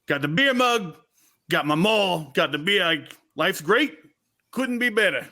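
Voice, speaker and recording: A man voicing an easygoing, partying male dwarf bro with a loud, drawling New Jersey accent. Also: high-pitched, lively intonation, a little slow, exaggerated voice. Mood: carefree.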